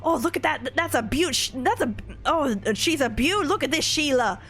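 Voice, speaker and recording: A woman's voice: high-pitched, animated, normal speed, a bit bright, soft background music. A woman putting on a gushing Aussie wildlife fan. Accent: bad put-on Australian. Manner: gushing, exclamatory. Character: excitable Australian wildlife enthusiast.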